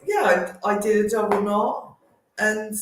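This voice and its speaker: A woman's voice: mid-range voice, steady tone, unhurried. A young mother tells a story at home, chatty and self-deprecating. The room is very echoey and a faint hiss sits underneath. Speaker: co-host of a family live stream. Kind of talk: casual storytelling. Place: home kitchen. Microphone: live-stream mic.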